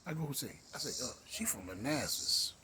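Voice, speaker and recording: Background noise accompanies this middle-aged man with a Maryland accent as he hosts his own show. His medium-pitched voice is animated and moves at normal speed through a drawling, rambling monologue broken by humming and whispers.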